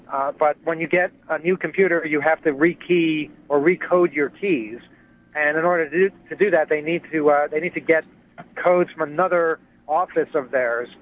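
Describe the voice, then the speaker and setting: A man calling in to a radio show, rambling through a story with many fillers and restarts. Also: on the high side. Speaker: caller phoning in to a radio show. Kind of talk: casual phone chat. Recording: muffled cell phone line.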